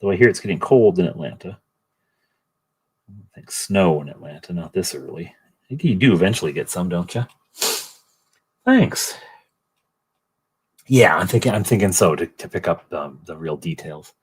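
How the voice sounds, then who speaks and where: A man's voice: low-pitched, expressive, fairly quick, a little mellow, slightly rough. A middle-aged man hosting a livestream, painting miniatures and chatting in a rambling way while greeting viewers by name. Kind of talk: casual livestream chat.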